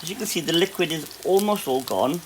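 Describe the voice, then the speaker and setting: This clip has a fairly high, animated male voice moving at a brisk pace over background noise. He's a cafe cook with a Welsh accent, walking through a recipe at home in a relaxed, chatty tutorial that wanders into fillers and side remarks.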